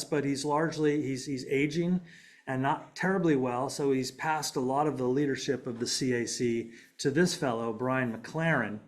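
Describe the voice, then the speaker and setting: A middle-aged man lecturing to an audience in an easy, conversational way. He pauses on fillers and restarts his phrases. His voice sits at an ordinary pitch for a man. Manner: conversational, self-deprecating, with frequent fillers and restarts. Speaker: philosophy lecturer. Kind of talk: public talk with slides.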